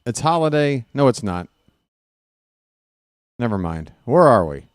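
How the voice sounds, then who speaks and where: Dude doing fan play-by-play, unhurried, jokey and rambly, voice bouncing up and down a lot, dry close sound. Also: male voice, mid-range voice, big pitch swings, smooth, no room sound. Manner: casual, rambling, jokey, snaps at the umpire. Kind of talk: live play-by-play commentary.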